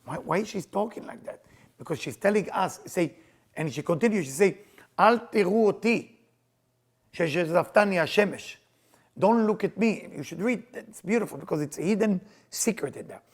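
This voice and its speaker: A man teaching Kabbalah in an animated lecture, emphatic and excitable in English. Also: high voice, brisk, breathy edge. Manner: excitable, emphatic, non-native English with Hebrew phrases.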